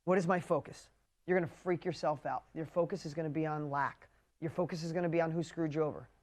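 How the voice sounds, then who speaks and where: A man coaching a live online group in an emphatic, punchy way, swearing casually and swinging between loud urging and quiet intensity. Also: a little high, fairly even intonation, quick pace. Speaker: business coach. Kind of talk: motivational coaching livestream.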